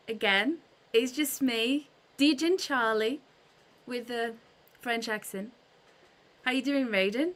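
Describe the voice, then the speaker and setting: A woman's voice: on the high side, normal speed, fairly bright tone. A woman hosting a casual livestream, chatting with her audience, greeting viewers by name, with frequent fillers and restarts. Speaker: livestream host.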